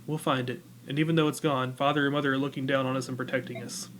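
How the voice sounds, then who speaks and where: A man voicing a steady young male mercenary leader who speaks plainly and firmly. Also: medium pitch, quick pace, a little hiss or hum, close to an everyday voice. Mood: firm, reassuring.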